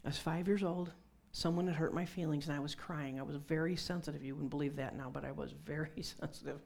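A woman's voice: deep voice, fairly even intonation, a little fast, creaky, a little mellow. A middle-aged woman preaching a conversational sermon with personal testimony, dropping to whispers for emphasis.

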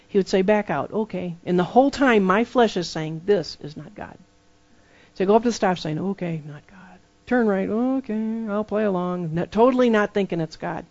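A preacher giving a sermon full of personal testimony, telling the stories lively and acting out the dialogue. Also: mid-range voice, lo-fi sound. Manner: lively storytelling that acts out dialogue.

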